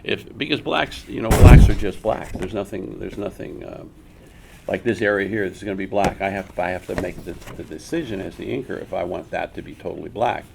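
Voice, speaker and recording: A man's voice: low-pitched, fairly quick, creaky, heavy background noise. An older man giving a live art workshop, an emphatic storyteller who repeats words as he talks. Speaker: comic art teacher. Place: school room with audience.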